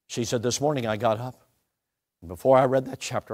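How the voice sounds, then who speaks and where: A middle-aged man preaching to a gathered congregation, telling a personal story in a relaxed, conversational way. He keeps turning to the audience with questions, dropping to a near hush and then rising loud again. His voice sits in an ordinary middle pitch. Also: a little fast. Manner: conversational, asks the audience questions, swings between soft and loud. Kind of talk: storytelling sermon. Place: church or meeting room with an audience.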